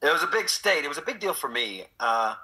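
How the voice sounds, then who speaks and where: Middle aged texas guy, husky and really bright, animated storyteller in a chat. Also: a little high, quick pace, low-quality recording. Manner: animated storyteller, acts out quotes. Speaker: actor guest. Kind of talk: casual interview chat.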